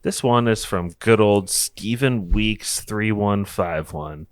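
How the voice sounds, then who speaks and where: A man's voice: on the low side, slow pace, clear, resonant tone. A young man co-hosting a podcast, chatting casually and reading listener comments aloud in a joking way. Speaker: podcast co-host.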